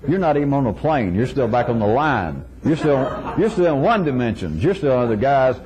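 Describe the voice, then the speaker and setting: A man's voice: medium pitch, sing-song, fairly quick, crowd noise, rough recording. A man giving an informal philosophical lecture to a live audience, wry and chuckling, acting out little dialogues in shifting voices.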